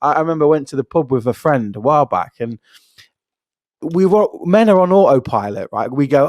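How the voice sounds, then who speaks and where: A man's voice: on the high side, fairly quick, no echo, clean studio sound. A man co-hosting a podcast, chatting casually and acting out everyday exchanges as he tells stories. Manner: animated storyteller, acts out pub chatter. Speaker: podcast co-host. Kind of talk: casual conversation.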